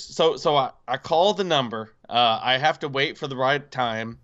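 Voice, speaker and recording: A man casually telling a personal story on a podcast, animated, with many fillers and acted-out quotes. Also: mid-range voice, normal speed, hardly any pauses, muffled recording. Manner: animated, acts out quoted voices, frequent fillers.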